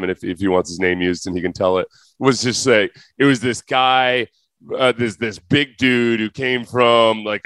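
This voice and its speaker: A podcast host with a lowish, fairly bright, clean voice chats casually, with no echo on the recording. He rambles through a story, searching for words and laughing as he goes.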